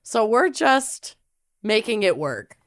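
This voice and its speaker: A woman's voice: on the high side, big pitch swings, takes it slowly, dry recording, clean studio sound. A woman co-hosting a casual podcast chat while sick with a bug, chatty and self-deprecating. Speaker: podcast co-host.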